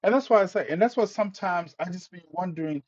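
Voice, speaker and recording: A man hosting a live stream rants with exasperation in an impassioned monologue, swearing, stammering and repeating himself. He talks fast in a high-sitting, darkish voice, and the recording's highs are cut off.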